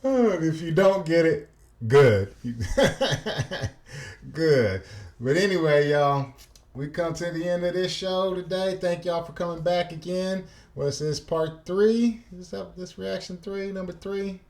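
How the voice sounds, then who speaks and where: A man's voice: high voice, slow pace, darkish tone. A man hosting a reaction video, folksy and laid-back. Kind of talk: casual reaction commentary.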